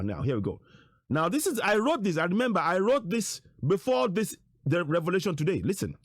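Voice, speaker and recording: A man's voice: high voice, no room sound, clean studio sound. A man giving emphatic online commentary on material shown on screen, repeating his rhetorical questions and phrases. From Nigeria. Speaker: political commentator.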